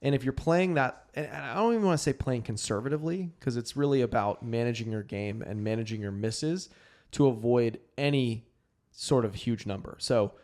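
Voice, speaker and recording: A man's voice: medium pitch, fairly quick, a little mellow. A man with a mid-range voice co-hosts a golf show. He rambles a little and explains his ideas with casual fillers. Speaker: podcast co-host. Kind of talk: casual chat.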